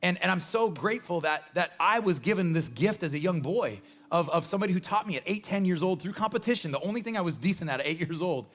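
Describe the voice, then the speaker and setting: A man in his forties preaching a sermon as pastor, energetic and emphatic with repeated refrains. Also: high-pitched, quick pace, hardly any pauses. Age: 40s.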